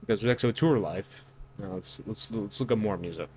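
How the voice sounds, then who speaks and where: A man's voice: lowish voice, fairly quick, a little mellow, slight background noise. A man giving reaction commentary on song lyrics, incredulous and lecturing, with loose fillers and restarts. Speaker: online commentator.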